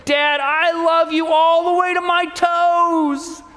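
An eager little bunny boy from a storybook, as a man puts him on, his voice lifted high and stretched out slowly. Each earnest line rings in a long hall reverb. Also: level tone, sharp tone, exaggerated voice. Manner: earnest, drawn-out storybook lines.

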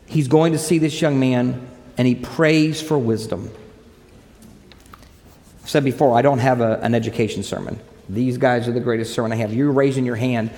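A man preaching a sermon, telling a scripture story with lively asides and quoted lines. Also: mid-range voice, moderate pace. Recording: long hall reverb.

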